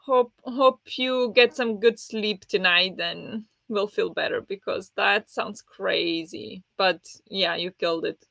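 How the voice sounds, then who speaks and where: Woman, livestream host, casual chat, bright voice, dry dull lo-fi mic. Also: medium pitch, slow, vocal fry, few pauses, no echo. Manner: chatty and friendly, many ums, answers chat by name. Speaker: livestream host of a book readalong.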